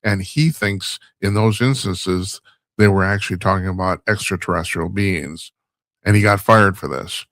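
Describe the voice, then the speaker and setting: Low-voiced wry talk show host. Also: male voice, normal speed, a bit bright, no echo. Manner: rambling, wry, laughs at own stumbles. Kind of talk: casual monologue commentary.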